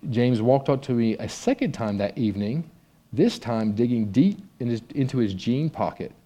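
A man's voice: medium pitch, expressive, moderate pace, dark tone. A man preaching a conversational sermon and reading a story aloud from a book with expression. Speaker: pastor.

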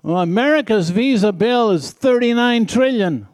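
A man's voice: high voice, animated, normal speed, a little mellow, no echo. An older man with a foreign accent preaching a sermon in a folksy way, chuckling now and then and asking the crowd "isn't that right?".

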